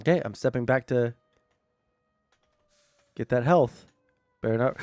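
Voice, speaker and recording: A man's voice: mid-range voice, a little slow, a little mellow, no room sound. A young man live-streaming casual chat while gaming, swearing constantly and ranting heatedly with self-mocking asides.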